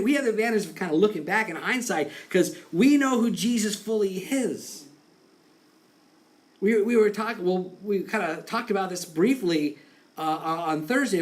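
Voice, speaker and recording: Male pastor, casual animated sermon delivery, fairly high voice with lively pitch swings. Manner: conversational, animated, acts out quotes with laughs.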